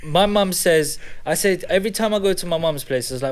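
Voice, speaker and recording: A man, co-hosting a podcast in casual chat, telling animated stories and laughing often. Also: sits high, brisk, slight background noise. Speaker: podcast co-host.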